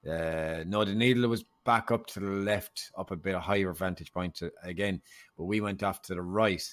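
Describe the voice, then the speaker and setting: A man's voice: deep voice, steady tone, normal speed. An Irish man, a podcast guest, telling a story in casual chat and acting out the dialogue. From Ireland.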